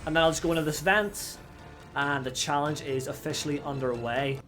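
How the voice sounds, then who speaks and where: A young man hosting a gaming channel, giving let's play commentary; excitable, he yells at the game and swears. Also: a little high, a little fast, faint music behind.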